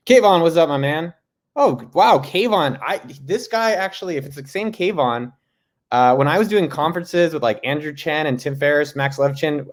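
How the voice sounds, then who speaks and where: A man hosting a casual live stream from home, joking loosely and greeting viewers by name. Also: mid-range voice. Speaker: host. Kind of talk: casual livestream chat.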